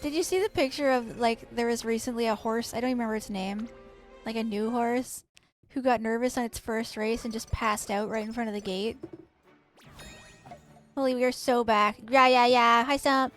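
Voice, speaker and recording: A woman's voice: a little high, fairly even intonation, normal speed, fairly bright tone, soft background music. A woman streaming a game, chatting casually with her viewers, cooing at and teasing the horses and swearing now and then. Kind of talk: casual live-stream chat while gaming.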